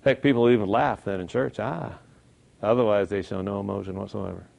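A man teaching a church Bible class in a conversational sermon, emphatic, asking rhetorical questions and swinging between loud stresses and quiet asides. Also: lowish voice, steady tone, a little fast, creaky, a little hiss or hum.

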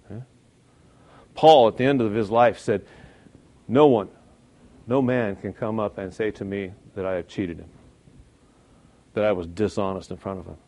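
A man teaching a church Bible class in a conversational sermon, emphatic, asking rhetorical questions and swinging between loud stresses and quiet asides. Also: lowish voice, steady tone, moderate pace, pauses often.

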